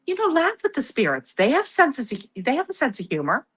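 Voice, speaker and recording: A woman guest on a podcast, telling stories in casual conversation in an animated way, often laughing and acting out what people said. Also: high-pitched, brisk, breathy edge. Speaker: guest, paranormal investigator.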